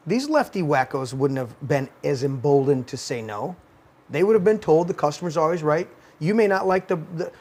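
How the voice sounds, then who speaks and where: A man's voice: a little high, darkish tone. A man hosting a talk show, telling stories in a heated, profane rant. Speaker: podcast host. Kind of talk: casual ranting talk show.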